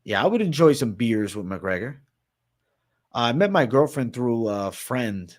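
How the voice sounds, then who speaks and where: A man's voice: mid-range voice, big pitch swings, a little slow. A man from Massachusetts with a Boston accent, hosting a casual livestream, reading chat aloud and answering it with lots of swearing and "bro". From Massachusetts, raised in Florida. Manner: swears freely, reads and answers chat, says bro a lot. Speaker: livestream host.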